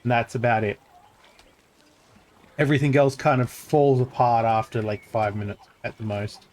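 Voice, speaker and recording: A man's voice: mid-range voice, steady tone, normal speed, pauses often, darkish tone. A male streamer giving casual commentary while playing a game, with joking, sarcastic asides.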